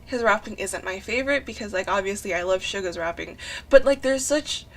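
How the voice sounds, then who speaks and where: Gushing young woman, excited fan chat. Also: a little high. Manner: gushing, excitable fangirling with frequent sighs; rambling and breathless, often saying "like". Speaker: artist narrating a drawing video. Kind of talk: casual chat voice-over.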